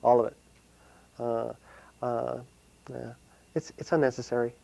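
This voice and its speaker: A man with a gravelly, creaky voice answers interview questions, pausing often and restarting his sentences. The sound is dry and close. He speaks casually, thinking aloud as he goes. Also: mid-range voice, fairly even intonation, mellow, no echo, low-quality recording. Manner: hesitant, many fillers and restarts. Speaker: solo performer and playwright.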